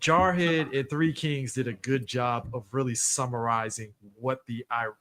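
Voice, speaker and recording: Dude in his 30s making his point on a podcast, dry close mic, middle pitch. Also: steady tone, unhurried, fairly bright tone, no room sound. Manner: emphatic, starts with repeated "look". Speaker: podcast co-host. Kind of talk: casual chat.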